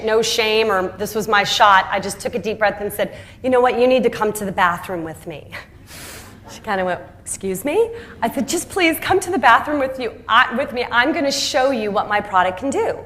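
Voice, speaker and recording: A middle-aged woman telling her founder story as a lively speech, acting out the voices of people she quotes and laughing often. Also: medium pitch, moderate pace. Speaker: entrepreneur and speaker.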